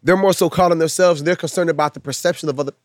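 A man's voice: a little high, steady tone, very fast, no room sound, studio quality. A man who works as a minister and speaker, talking emphatically in a casual conversation and building long repeated lists like a preacher.

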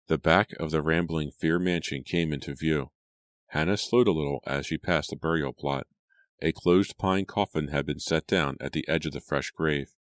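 A man narrating an audiobook in a steady, measured storytelling manner. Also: very deep voice, no room sound. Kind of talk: scripted narration.

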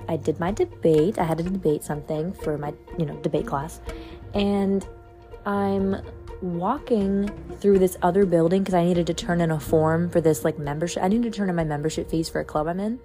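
A young woman telling a dating story in casual talk, exasperated and swearing. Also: fairly low pitch. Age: young adult. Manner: exasperated, swearing, animated retelling. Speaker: podcast host.

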